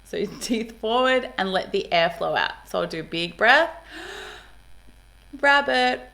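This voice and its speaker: A woman, a speech pathologist explaining to parents on camera, upbeat and animated, modelling speech sounds as she goes. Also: mid-range voice, slow pace, gravelly.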